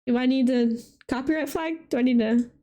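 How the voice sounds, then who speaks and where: A woman with a high-sitting, mellow voice hosts a live stream showcasing community art, speaking a little fast. She chats casually and reacts animatedly to the artwork her viewers share.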